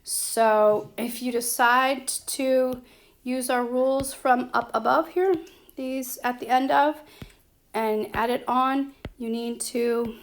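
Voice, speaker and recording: A woman explaining a grammar lesson as a teacher, patient and checking in with her students as she goes. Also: a little high. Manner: slow, patient, checks in with "okay?" and "right?". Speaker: Spanish teacher.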